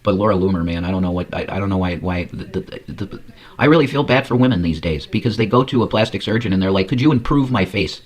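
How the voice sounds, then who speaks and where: A man with a lowish voice rants crudely over news clips, in a loose, rambling commentary. He swears constantly and jumps from topic to topic. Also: fast talker. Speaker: commentary streamer. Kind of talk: casual profane commentary.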